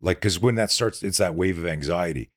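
A man's voice: low-pitched, a little fast, no room sound, studio quality. A middle-aged man, a self-defense instructor, telling stories intensely as a guest in a casual podcast interview. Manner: intense, animated storyteller with frequent restarts.

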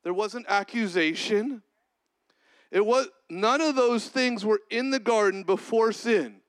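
A man preaching a sermon as a pastor, with long pauses and sudden drops to a soft voice. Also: high voice.

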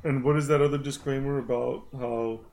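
A man's voice: medium pitch, steady tone, brisk, creaky, darkish tone. A man chiming in as co-host beside his wife on a casual podcast, dropping wry interjections.

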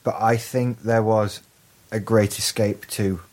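A man's voice: lowish voice, fairly even intonation, takes it slowly, darkish tone. Blunt laid-back man hosting film chat. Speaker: podcast host.

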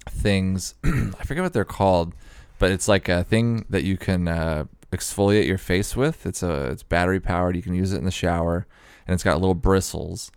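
A man's voice: deep voice, normal speed, darkish tone, clear, resonant tone, dry recording, studio quality. A man co-hosting a comedy podcast, earnest and rambling, drifting into absurd non sequiturs. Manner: earnest, rambling non sequiturs, laughs at his own jokes.

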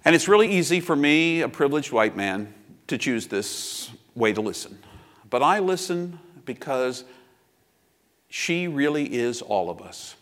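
A man's voice: medium pitch, big pitch swings, measured pace, fairly bright tone. A man in his fifties preaching a sermon as pastor, reflective and confessional, with personal asides.

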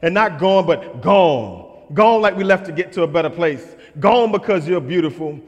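A man's voice: high voice, lively intonation, moderate pace, muffled recording. A man performing spoken-word poetry in a church, rhythmic and leading call-and-response. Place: church sanctuary. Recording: long reverb of a large hall.

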